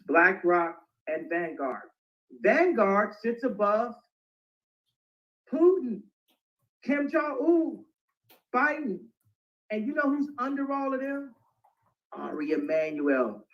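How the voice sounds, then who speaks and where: A man telling rambling stories in a casual chat, often breaking into fits of laughter. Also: high voice. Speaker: interview guest. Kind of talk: casual storytelling in an online audio chat. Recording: dull lo-fi online audio.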